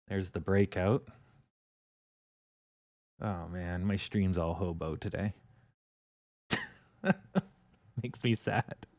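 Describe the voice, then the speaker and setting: Male livestream host, casual and profane, lowish voice, slow drawl. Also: a little mellow, no room sound, studio quality. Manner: rambling, chuckling, swearing casually. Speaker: stock trading livestream host.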